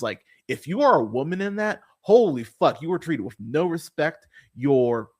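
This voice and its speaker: Guy ranting on his movie podcast, swears a lot, slightly high voice that jumps all over. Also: breathy edge. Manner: animated, swearing, exasperated. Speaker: movie review podcast host. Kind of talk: casual profane rant.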